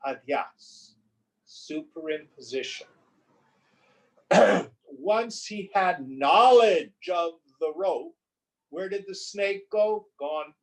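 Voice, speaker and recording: A male spiritual teacher speaking over a video call, his voice a bit high and his pace slow and unhurried. He tells parables deliberately and leans on rhetorical questions to make his point. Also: lively intonation, low-quality recording. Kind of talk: scripture lesson with storytelling. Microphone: video call recording.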